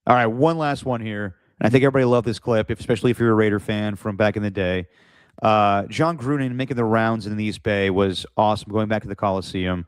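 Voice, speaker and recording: A man's voice: on the low side, clear, resonant tone, dry recording, studio quality. A man hosting a sports podcast, telling stories in a laid-back, chatty way. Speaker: podcast host. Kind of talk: casual sports chat.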